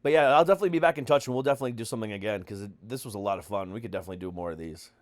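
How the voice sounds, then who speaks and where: A man's voice: lowish voice, racing, no room sound. Man, podcast host, casual joking chat, rambling with fillers, dry close sound.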